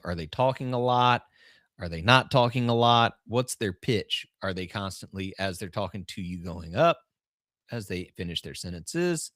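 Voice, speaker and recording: Lowish-voiced male coach, dry close sound. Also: dry recording. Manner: rambling, with restarts and shifting emphasis. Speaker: podcast host and business coach. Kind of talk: casual coaching talk.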